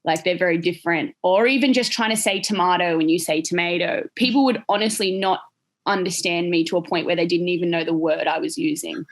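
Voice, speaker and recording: A young Australian woman, a guest on a casual podcast, who tells her stories with lots of laughter and lively delivery. Her voice sits a little low for a woman. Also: brisk. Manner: laughs often, animated storytelling. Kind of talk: casual chat.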